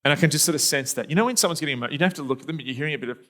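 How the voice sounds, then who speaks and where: A man's voice: fairly high pitch, rapid-fire, sharp tone, a little hiss or hum. A middle-aged man preaching a sermon as a pastor, telling a personal story in a conversational, reflective way with fillers and restarts.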